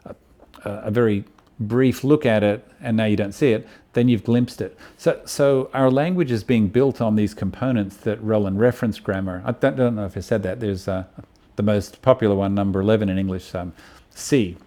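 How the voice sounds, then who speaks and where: Low-voiced man giving a halting lecture. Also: mellow. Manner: halting, many ums and restarts. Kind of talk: university lecture. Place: university lecture room.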